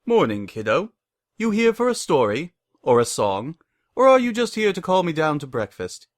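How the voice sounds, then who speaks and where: A man's voice: fairly high pitch, big pitch swings, moderate pace, voice pushed up. A man voicing a refined grown-up mare who talks in a posh, prim, dramatic way. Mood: playful.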